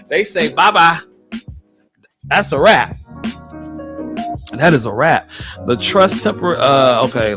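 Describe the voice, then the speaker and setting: An American man hosting a nursing podcast, reading news items aloud and reacting bluntly with animated exclamations. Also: medium pitch. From United States. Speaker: nurse podcast host. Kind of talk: casual commentary on news articles.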